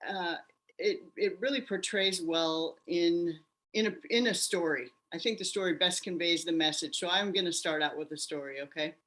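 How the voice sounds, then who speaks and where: A woman guest in an interview telling her personal story in an animated way, acting out the voices of the people in it. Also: fairly low pitch, moderate pace. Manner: animated, acts out quoted voices.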